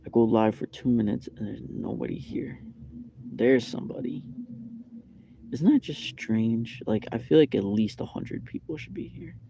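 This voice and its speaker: A man's voice: medium pitch, moderate pace, vocal fry, mellow, slight background noise. A young man telling a rambling story on a live stream, with lots of fillers and repeated phrases. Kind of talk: casual live-stream chat. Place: McDonald's restaurant.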